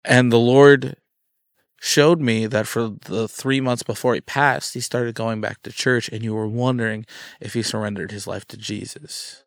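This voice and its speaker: A man telling a lively story in casual chat, acting out the quotes as he goes. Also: mid-range voice, measured pace, dry recording, clean studio sound. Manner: animated, acts out quotes in his story. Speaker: guest.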